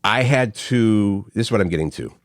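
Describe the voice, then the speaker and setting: A man's voice: fairly low pitch, animated, normal speed, dry recording, clean studio sound. A middle-aged man co-hosting a morning show, telling stories in a rambling way with many restarts. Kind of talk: casual morning-show chat.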